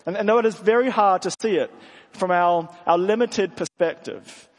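A man with a high voice preaches earnestly, often stumbling over and repeating his words. The sound carries a long reverb, as in a large hall. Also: normal speed. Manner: earnest, with frequent restarts. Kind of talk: sermon.

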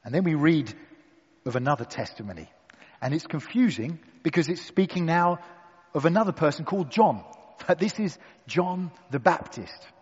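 A man preaching a sermon to a gathered room, deliberate and emphatic with dramatic pauses. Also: a little high, lively intonation, a little mellow, slightly rough, long reverb tail, lo-fi sound. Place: church hall with an audience.

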